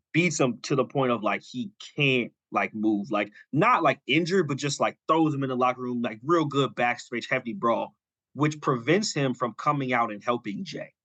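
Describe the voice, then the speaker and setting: A man's voice: mid-range voice, fairly bright tone, no echo, dull audio. A male podcast co-host in casual chat, animatedly retelling a story and quoting characters.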